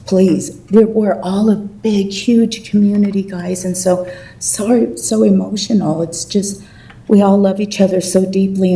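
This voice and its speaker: A woman's voice: lowish voice, warm tone, recorded from a distance, low-quality recording. A woman giving a rambling, emotional public comment at a city council meeting.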